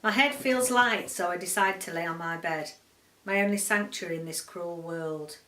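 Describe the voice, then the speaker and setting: A woman book vlogger from the UK reading a short story aloud in a quiet, measured, subdued way. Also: fairly low pitch, recorded from a distance. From United Kingdom. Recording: roomy echo, voice set back from the mic.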